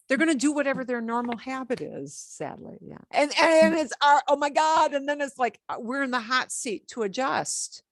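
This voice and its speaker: A woman teaching a beginner Spanish class, chatty and encouraging, slowing down to drill words. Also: sits high, expressive, no echo, studio quality.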